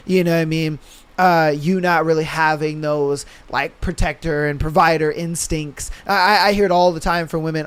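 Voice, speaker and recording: A young man with a fairly high, smooth voice rants to his listeners in loose, profane slang. He often drops into quick impressions of what other people say before going back to his own point. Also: a bit bright. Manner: blunt, slangy and profane, mimics others mid-rant. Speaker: podcast host. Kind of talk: casual opinion rant.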